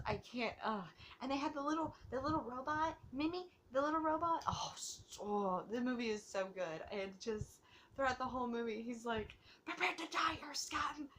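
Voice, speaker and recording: A woman's voice: on the high side, a little hiss or hum. A woman hosting her own movie review vlog, rambling and gushing with giggles, a bit tipsy from drinking. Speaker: host of a movie review channel.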